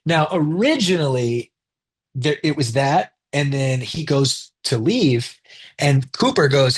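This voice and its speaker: A man's voice: fairly high pitch, lively intonation, a little slow, breathy edge. A man talking casually in an interview about directing his film, loose and chatty, swearing now and then and acting out what others said.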